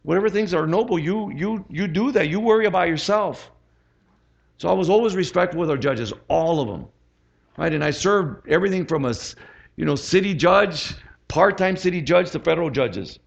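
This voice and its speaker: A gravelly, slightly high-voiced middle-aged man preaching as a pastor, talking to the congregation like a chat and calling for amens. The recording sounds dull and lo-fi. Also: animated, moderate pace. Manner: chatty, asks the congregation for amens. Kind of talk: conversational sermon.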